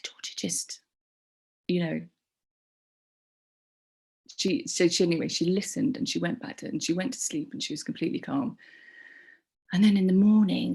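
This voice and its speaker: A middle-aged woman telling a personal story in a halting, rambling way, with many restarts and soft whispered asides. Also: on the low side, vocal fry, slightly rough. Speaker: community group member.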